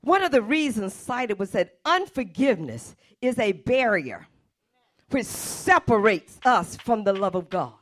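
A woman's voice: medium pitch, sing-song, measured pace. A woman pastor preaching an impassioned sermon in church, repeating her point with force. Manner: impassioned, repetitive preaching, often shouting.

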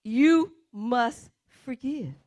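A woman's voice: fairly high pitch, expressive, extremely slow, lo-fi sound. A woman pastor preaching an impassioned sermon in church, repeating her point with force. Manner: impassioned, repetitive preaching, often shouting.

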